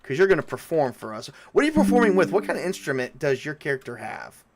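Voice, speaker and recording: A man's voice: a little high, sing-song, fast. A man running a tabletop game as game master, talking loosely with many fillers and restarts.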